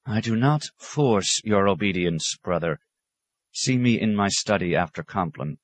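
A man voicing a stern, weary male abbot who speaks with measured, firm authority. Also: on the low side, lively intonation, no echo. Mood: cold.

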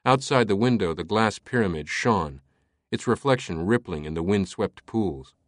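A male audiobook narrator with a low voice, reading a thriller in a steady, measured way. The recording is dry and close, with no room sound. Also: no echo.

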